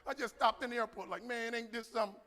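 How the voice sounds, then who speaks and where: Animated New man in a hall. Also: very high-pitched, fast talker. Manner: animated, preacherly, acts out both sides of a dialogue. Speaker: keynote speaker. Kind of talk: motivational keynote with storytelling. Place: large conference hall. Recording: echoey hall with long reverb.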